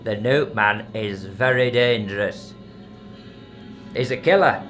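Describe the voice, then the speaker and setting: A man's voice: on the low side, takes it slowly, a bit bright. An actor playing a blunt older local man, warning of a woodland monster in a folk horror audio drama. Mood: ranting. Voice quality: blunt, grumbling, dialect-heavy. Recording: music bed behind.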